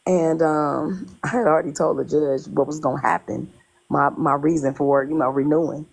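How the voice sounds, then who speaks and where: A woman with a heavily gravelly, husky voice recounts her own experience in relaxed conversation. She tells it in an animated way, circling back on phrases and acting out the lines of the people involved. Her voice sits somewhat low. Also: moderate pace, low-quality recording. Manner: animated, retells dialogue in quotes, repeats herself. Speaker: guest telling her story. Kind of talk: casual conversational storytelling.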